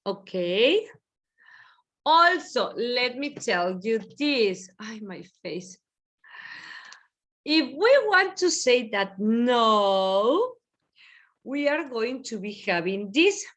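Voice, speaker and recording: High-voiced bright woman teaching grammar. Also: very animated, drawn-out words, pauses often. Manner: repetitive, explanatory, slips between English and Spanish. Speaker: English teacher. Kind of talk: online grammar lesson. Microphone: video call.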